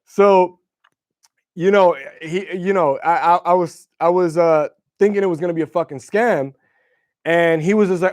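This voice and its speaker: This young man's voice is high-pitched and a little mellow, moving at a moderate pace as he hosts a livestream. He tells rambling, profane stories about guitars in a loose, chatty way, with no room sound.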